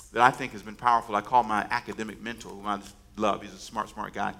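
A man's voice: on the low side, little pitch movement, fast talker, gravelly, pushed and bright. A man preaching a sermon, emphatic and repetitive, calling on the congregation to say lines back to him. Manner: preaching with call-and-response to the congregation; emphatic, repeats words and phrases. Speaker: pastor.

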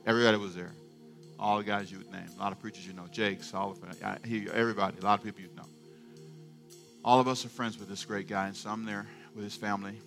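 Bright-voiced preacher building to fervent shouts. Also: male voice, on the low side, steady tone, fast, gravelly, faint music behind. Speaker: pastor. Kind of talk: sermon.

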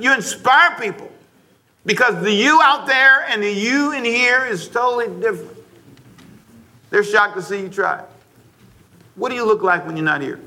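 A man's voice: high-pitched, bright, forceful tone. A man preaching a sermon to his congregation, stressing points, repeating phrases and calling on the listeners to answer back. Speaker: pastor. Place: church before a congregation.

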